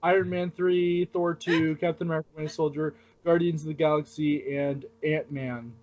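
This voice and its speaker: A man's voice: fairly high pitch, fairly even intonation, moderate pace, darkish tone. A man hosting a casual podcast chat, joking and voicing strong opinions. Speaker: podcast host. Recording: dull lo-fi podcast audio.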